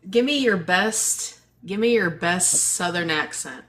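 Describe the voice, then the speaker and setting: A woman's voice: fairly low pitch, lively intonation, measured pace, very noisy. A woman hosting a casual livestream chat, teasing her guests and laughing often. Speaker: livestream host.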